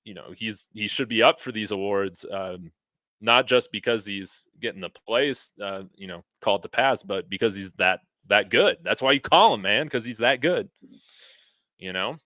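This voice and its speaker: A man's voice: fairly low pitch, moderate pace, sharp tone, no room sound. A man hosting a casual sports podcast. He is laid-back, chuckles often, and fills his talk with "man" and "you know". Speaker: podcast host.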